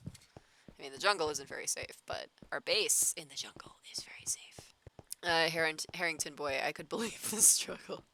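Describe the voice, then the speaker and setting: A woman's voice: low-pitched, creaky, sharp tone, a little hiss or hum. A woman chatting casually while she plays a game, talking in loose run-on sentences full of "like". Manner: chatty, full of filler "like", laughs often. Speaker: gaming streamer.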